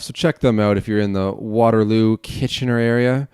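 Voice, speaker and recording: A man with a fairly low, smooth voice hosts a casual podcast from his desk at home. He rambles and chats loosely, dropping the odd swear word. The sound is close and dry, with no room echo. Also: fairly even intonation, moderate pace, darkish tone. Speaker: podcast host. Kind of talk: casual solo podcast, beer review.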